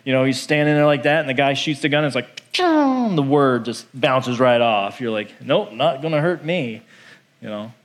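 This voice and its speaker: A male pastor preaching a sermon in an animated, conversational way, acting out the voices he quotes. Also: mid-range voice, brisk, few pauses.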